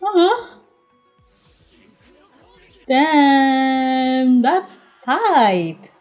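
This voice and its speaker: A woman reacting live to an anime episode, her high voice swinging widely as she bursts into excited exclamations and laughter, then drops into quiet murmured asides. She talks at an unhurried pace, with soft music faintly in the background.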